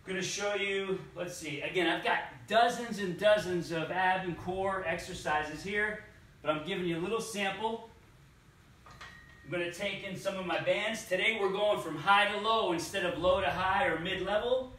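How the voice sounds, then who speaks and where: Male fitness coach, deliberate exercise cues, recorded far from the mic in a very echoey studio. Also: high-pitched, sharp tone, a little hiss or hum. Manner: slow, deliberate cueing. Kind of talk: exercise demonstration. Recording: echoey room, distant mic.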